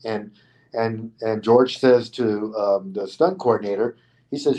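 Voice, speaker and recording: A middle-aged man, a stuntman being interviewed, telling a story in a casual, animated way and acting out the other people's lines. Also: fairly low pitch, unhurried, low-quality recording.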